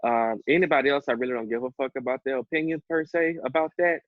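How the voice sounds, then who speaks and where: A young man co-hosting a podcast, telling a personal story in an animated, profane way and laughing as he goes. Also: medium pitch, fast, dry recording. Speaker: podcast co-host. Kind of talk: casual storytelling chat. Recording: dull lo-fi dry sound.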